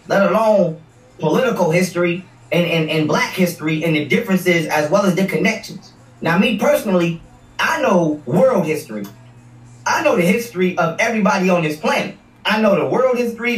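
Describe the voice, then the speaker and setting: A man hosting a livestream, ranting in a combative, profane way and repeating words as he hammers his points. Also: high-pitched. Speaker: livestream host. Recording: echoey room, distant mic.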